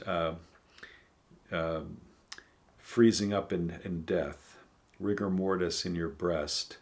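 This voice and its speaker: A man reading poems aloud and talking them through in a thoughtful, musing way, pausing often with ums and uhs. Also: deep voice. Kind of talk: casual poetry reading and commentary.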